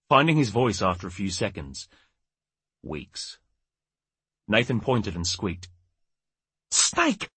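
A man narrating an audiobook in a measured, wry storytelling manner. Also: lowish voice, a bit bright, husky, no room sound. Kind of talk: scripted narration.

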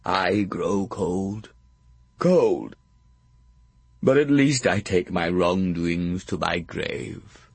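A man voicing a melodramatic old blind earl in an audiobook, croaking and lamenting slowly. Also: sits low, animated, no echo, voice pushed down, heavily acted. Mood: feebly dying. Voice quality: croaking, theatrical wailing. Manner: slow, drawn-out lamenting. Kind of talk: audiobook character voice.

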